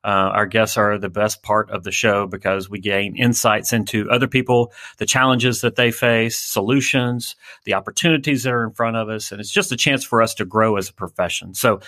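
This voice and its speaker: Male show host, bright forceful voice, dry close sound, energetic and friendly. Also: on the low side, normal speed, few pauses, dry recording. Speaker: podcast host. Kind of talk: hosting an interview show.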